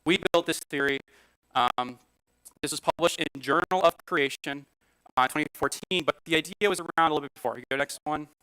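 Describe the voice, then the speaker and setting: Bright, crisp-voiced man teaching a class. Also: on the high side, brisk, dry recording, rough recording. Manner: conversational, frequent "all right?" and "okay?" checks. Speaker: Sunday school teacher. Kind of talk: church class lecture with slides. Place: church classroom.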